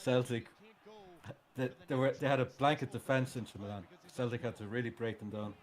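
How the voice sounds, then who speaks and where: A man's voice: mid-range voice, steady tone, brisk. A man co-hosting a live watch-along stream, chatting casually and profanely about football and its history. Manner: chatty and profane, tells old football stories. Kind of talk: casual banter and football chat.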